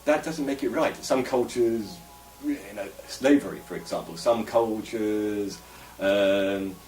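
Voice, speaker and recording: Faint music sits behind a man from England whose fairly low, slightly mellow voice moves a little slowly. He vlogs casually to camera, rambling and opinionated, and the echoey recording places him far from the mic.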